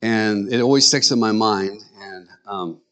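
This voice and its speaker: A man's voice: lowish voice, measured pace, a bit bright. A middle-aged man preaching a sermon in a conversational way, with joking asides to the congregation. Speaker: pastor.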